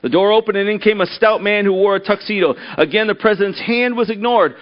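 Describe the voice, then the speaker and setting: An earnest male preacher delivering a sermon and reading a story aloud, his voice sitting high. He stumbles and repeats himself as he starts thoughts, and the recording is dull and lo-fi. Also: fast talker. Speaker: pastor.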